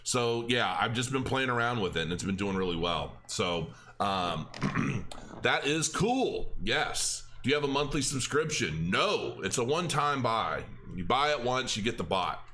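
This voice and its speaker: Chatty bright-voiced male crypto host. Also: lowish voice, big pitch swings, measured pace, a little hiss or hum. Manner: rambling, chatty, with restarts and filler words. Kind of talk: casual chat to camera.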